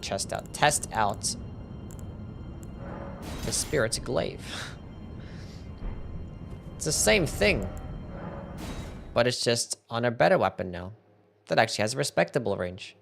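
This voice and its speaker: A man's voice: medium pitch, big pitch swings, takes it slowly, gravelly, long pauses. Young man, Australian accent, live game stream, casual, swears a lot, mid-range voice, game music behind. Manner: casual, answers chat questions, swears freely. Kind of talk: live gameplay commentary.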